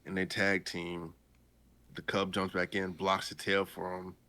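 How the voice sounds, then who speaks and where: A man hosting a podcast, retelling a story in a casual, animated and jokey way. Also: deep voice, measured pace. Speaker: podcast host.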